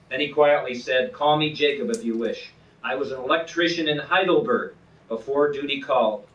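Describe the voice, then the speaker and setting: A man reading a passage from his book aloud in an earnest, measured way, with a few small slips. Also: medium pitch, fairly bright tone. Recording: roomy, distant, dull lo-fi sound.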